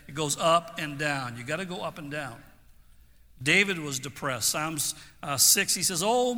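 A man's voice: a little high, pushed and bright. A man preaching a sermon as pastor, earnest and stopping to restart his phrases. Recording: long hall reverb.

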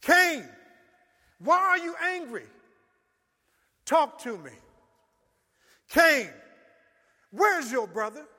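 A man voicing God as a stern, commanding male voice that calls out names loudly, in a church hall. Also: very high-pitched, very animated, drawn-out words, pauses often, voice pushed up, exaggerated voice. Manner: loud, calling out names.

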